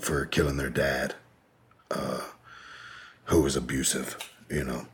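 A man's voice: a bass voice, flat delivery, takes it slowly, breathy edge. A man telling a long personal story as a podcast guest, in a laid-back, profane, rambling way. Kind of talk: casual storytelling in an interview.

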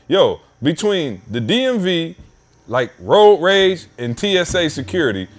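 His voice sits a little high and moves a little slowly as he hosts a podcast from his basement at home. Telling a long, easygoing tale full of slang, he performs each character's lines with lively energy.

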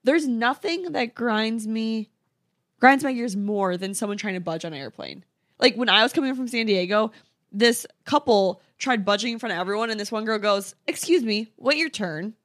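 A woman co-hosts a chatty podcast from a hotel room, and her voice sits a little higher than average. The sound is dry and close, with no room echo. She reacts with eager enthusiasm. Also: moderate pace, fairly bright tone. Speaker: podcast co-host. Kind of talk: casual chat.

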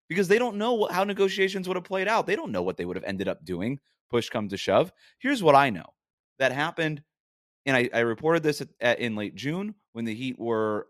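A man's voice: medium pitch, no echo, studio quality. Emphatic, argumentative male sports podcaster. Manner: emphatic and argumentative, with frequent rhetorical "right?". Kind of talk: casual sports talk monologue.

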